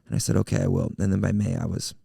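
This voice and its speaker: A male pastor in casual podcast chat, telling a story in an animated way and acting out the quotes. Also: deep voice, very fast, creaky, breathy edge, dry recording, studio quality.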